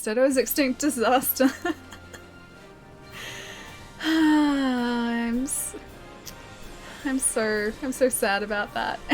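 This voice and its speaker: A young woman streaming a game, chatting casually with viewers, playful and giggly with lots of mock apologies. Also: fairly high pitch. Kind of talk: casual gameplay commentary reading chat. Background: game music.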